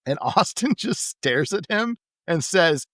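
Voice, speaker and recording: A man's voice: a little high, takes it slowly, dry recording. Guy cohosting a wrestling podcast, chatty, laughs a lot, dead dry mic. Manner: animated retelling of wrestling promos, laughs often. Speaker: podcast co-host. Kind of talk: casual recap chat.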